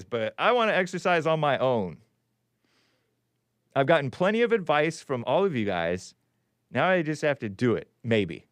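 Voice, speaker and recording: A man's voice: mid-range voice, sing-song, moderate pace, no echo. A man hosting a call-in show, reading news aloud with sarcastic, rambling asides and chuckles. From California. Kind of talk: casual live-stream commentary.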